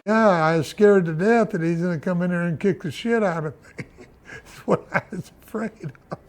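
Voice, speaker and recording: An older former wrestler recounting a story in an interview, rambling with lots of fillers and laughs. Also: male voice, high-pitched, normal speed.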